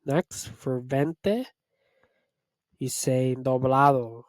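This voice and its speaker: A man teaching a vocabulary lesson, calmly drilling one word after another in a slow, deliberate way. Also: medium pitch, dry recording. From United States. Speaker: Spanish tutor.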